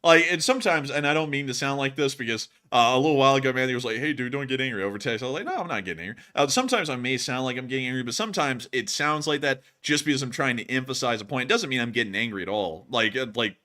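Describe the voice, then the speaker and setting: Young man, bright voice, rambling, lots of fillers, live-stream co-host. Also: medium pitch, fast, few pauses. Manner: rambling, repeats himself, many fillers. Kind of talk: live-stream chat, answering viewer donations.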